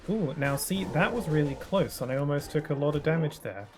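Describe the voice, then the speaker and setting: A man's voice: on the high side, expressive, fairly quick. Mock-dramatic man streaming a game. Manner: jokey, mock-dramatic, self-mocking. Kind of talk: live gameplay commentary. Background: game music.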